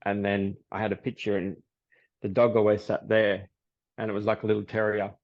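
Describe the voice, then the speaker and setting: Man, psychic guest, relaxed storyteller; gravelly tone, muffled lo-fi audio. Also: on the low side, a little fast. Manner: storytelling, relaxed, laughs often. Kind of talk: casual podcast interview. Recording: dull lo-fi audio.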